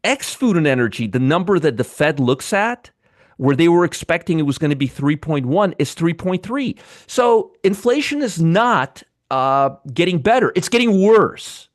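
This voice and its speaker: A man's voice: on the high side, lively intonation, normal speed, no room sound, studio quality. A man hosting a live trading show, giving blunt, sarcastic market commentary and bantering with chat viewers. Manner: blunt, swears freely.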